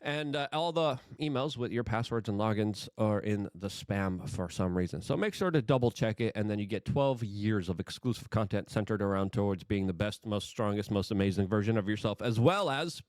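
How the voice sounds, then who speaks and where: Male, political commentary host, excitable, stammering, repeats words, very lively pitch, dry close sound. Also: brisk, few pauses, no room sound.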